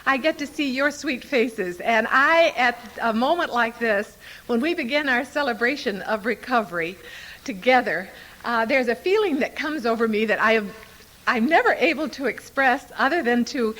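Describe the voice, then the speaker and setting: An older woman speaking at a recovery convention before a live audience, an animated, playful storyteller who laughs often. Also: a little high, normal speed. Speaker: Al-Anon speaker.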